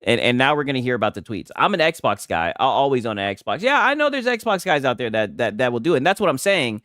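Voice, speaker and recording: Lively mocking male stream host. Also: medium pitch, fast, dry recording, studio quality. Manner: loud, laughing, mocking, profane. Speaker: livestream host reacting to clips. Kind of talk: casual reaction commentary.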